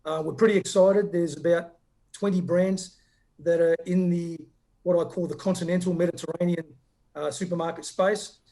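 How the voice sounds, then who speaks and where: A man answers interview questions in an earnest, upbeat way, often stumbling over the first words of a sentence. His voice is gravelly and mellow, sitting a little high. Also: fairly even intonation, normal speed. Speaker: company founder, guest.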